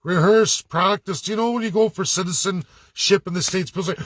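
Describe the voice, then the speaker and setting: A man delivers a blunt, profane rant straight to camera, full of sarcasm and mocking asides. His voice sits a little high, and the sound is dry and close with no room echo. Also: fairly quick, few pauses, a bit bright. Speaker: political commentator.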